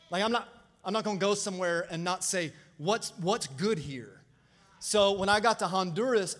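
High-voiced preacher working up his congregation. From Florida. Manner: animated preaching, call-and-response to the congregation. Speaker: pastor. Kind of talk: lively sermon. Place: church sanctuary.

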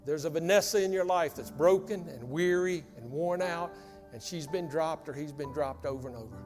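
A man preaching a sermon as pastor, telling a folksy story that sinks into hushed intensity. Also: a little high. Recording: long hall reverb with faint music.

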